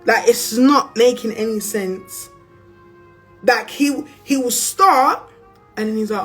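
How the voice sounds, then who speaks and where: Blunt slangy London woman with a higher voice. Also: slow, pauses often, soft background music. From England. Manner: blunt and profane, slangy, animated with bursts of laughter. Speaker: influencer on a livestream. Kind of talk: storytime on a livestream.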